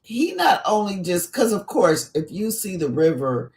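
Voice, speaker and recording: Animated woman in casual discussion. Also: medium pitch. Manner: animated, quick to agree, laughs. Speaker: co-host.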